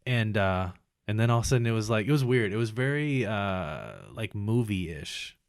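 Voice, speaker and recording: Male podcast guest, low register, swears a lot, animated casual storyteller. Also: moderate pace, no echo, clean studio sound. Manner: profane, rambling, animated retelling.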